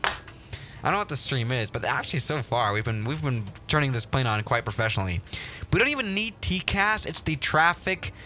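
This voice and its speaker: A young man hosting a game livestream, chatting casually in an excitable, rambling and self-mocking way. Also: medium pitch, a little fast, slight background noise. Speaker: livestream host.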